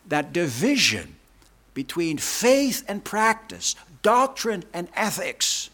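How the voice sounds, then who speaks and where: A man preaching a sermon in a fairly high, very animated voice. He speaks slowly and deliberately, repeating phrases for emphasis. His voice rises and falls widely from loud to hushed. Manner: emphatic, repetitive preaching with big swings in pitch and loudness. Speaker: pastor.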